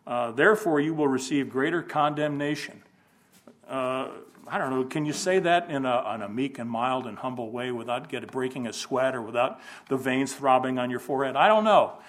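A man's voice: medium pitch, brisk. Folksy man teaching a Bible class. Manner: conversational, thinking aloud with rhetorical questions. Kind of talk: informal Bible lesson.

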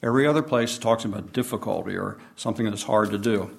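A man preaching a sermon, reading scripture and explaining it in an unhurried teaching manner. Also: on the low side, gravelly. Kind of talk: Bible study sermon.

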